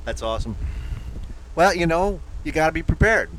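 A man's voice: a little high, big pitch swings, moderate pace, a bit bright, a little hiss or hum, low-quality recording. A man hosting a casual chat who hesitates and repeats his words. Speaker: host. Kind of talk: casual podcast banter.

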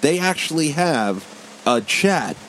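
A man's voice: a little high, very animated, slow, a bit bright, a little hiss or hum, rough recording. A man co-hosting a podcast, telling a story in an agitated, emphatic way and swearing constantly into a studio mic. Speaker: podcast co-host. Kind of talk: casual profane storytelling. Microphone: studio microphone.

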